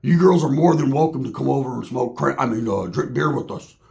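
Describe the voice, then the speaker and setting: A man voicing a laid-back, smooth-talking biker buddy with a low, drawling voice. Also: brisk, darkish tone.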